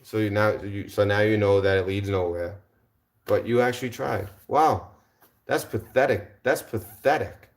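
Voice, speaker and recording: Man, lowish voice, livestream host, combative mocking rant, repeats insults. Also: fairly even intonation, moderate pace. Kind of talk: livestream rant answering chat.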